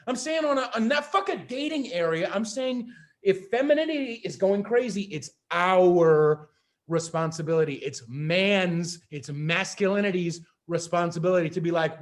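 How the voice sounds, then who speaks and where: A man hosting a podcast, ranting in a profane, emphatic way and sometimes shouting. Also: high voice, moderate pace. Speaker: podcast host.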